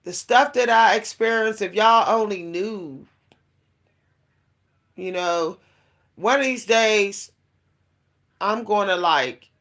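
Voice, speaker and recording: A woman's voice: medium pitch, slow, pauses often, fairly bright tone. A woman speaking to her listeners in a casual spiritual monologue, her voice sitting in an ordinary middle range. She rambles in a confiding way, with plenty of fillers and restarts, and laughs now and then as she talks. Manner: confiding, addresses listeners directly. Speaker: spiritual vlogger.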